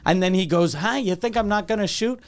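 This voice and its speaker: A man's voice: high-pitched, fairly quick, clean tone. Rambling, profane storyteller man. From Canada. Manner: rambling, profane, acts out quotes. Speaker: podcast host. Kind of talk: casual comedic storytelling.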